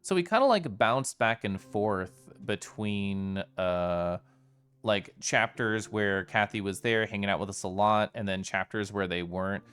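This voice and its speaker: A man's voice: lowish voice, a little slow, fairly bright tone, clean tone. A man streaming a story game live, reflecting on the plot and greeting chat in a chatty, thoughtful way.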